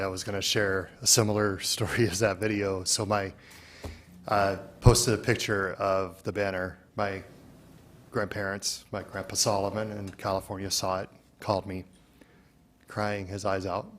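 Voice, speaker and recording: A man's voice: low-pitched, level tone, moderate pace, a bit bright, a little hiss or hum. A man speaking earnest, heartfelt remarks at a city council meeting. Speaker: council member.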